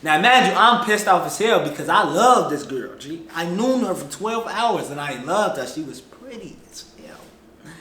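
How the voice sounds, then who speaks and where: An excitable man tells a story in a casual, slangy vlog, with a high, sharp voice that jumps from loud bursts to low mutters. The sound rings in an echoey room. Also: moderate pace, slight background noise. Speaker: vlogger telling a personal story.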